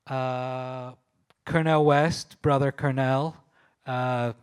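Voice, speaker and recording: A man's voice: medium pitch, steady tone, drawn-out words, clean tone. A man from Scotland with a Scottish accent, a photographer telling enthusiastic, laughing stories at a live panel talk, with frequent restarts. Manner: enthusiastic storyteller, laughs often, restarts and fillers. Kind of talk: anecdotal talk at a public event.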